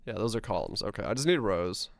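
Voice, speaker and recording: Smooth-voiced joking male game streamer. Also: on the low side, big pitch swings, quick pace, no room sound. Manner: rambling, joking, muttering to himself; hums and sings nonsense tunes. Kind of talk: casual live-stream chatter.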